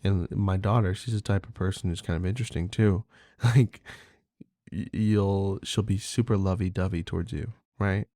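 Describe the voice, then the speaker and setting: Guy hosting a podcast, rambling and swearing, dark mellow tone, dry close sound. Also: low-pitched, steady tone, brisk, hardly any pauses, no room sound. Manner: rambling, candid, swears freely, many fillers. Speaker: podcast host. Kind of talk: casual monologue.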